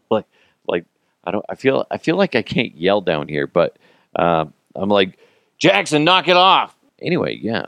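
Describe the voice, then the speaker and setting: A man's voice: sits low, no room sound, studio quality. A man in his thirties hosting a casual podcast, telling rambling, self-mocking stories, acting out quotes and swearing. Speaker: podcast host.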